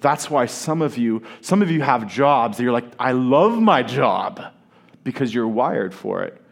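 A male pastor preaching a sermon at a church service, earnest and deliberate, leaning on key words with long pauses, and joking easily with his congregation. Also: medium pitch, vocal fry. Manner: playful banter with the congregation.

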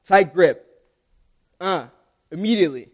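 A man's voice: sits high, expressive, a little slow. A young man preaching a sermon, earnest and emphatic, repeating key lines for stress.

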